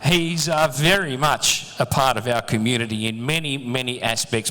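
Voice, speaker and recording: A man's voice: mid-range voice, moderate pace, hardly any pauses, sharp tone, a little hiss or hum. A man hosting a live event as emcee on a handheld mic, chatty and joking with the performers and audience. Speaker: master of ceremonies. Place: large function hall with audience. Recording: long hall reverb, faint crowd.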